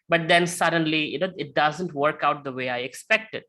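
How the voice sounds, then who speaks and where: A man giving a lecture with slides, talking conversationally and often checking in with a quick "right?". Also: on the high side, bright, forceful tone. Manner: tells illustrative stories.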